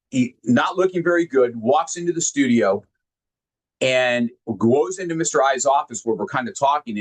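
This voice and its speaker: Man, motivational speaker, earnest, halting, repeats himself, mid-pitched voice. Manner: earnest, halting, repeats words when moved; emphatic, directly addresses listeners. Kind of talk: heartfelt storytelling talk.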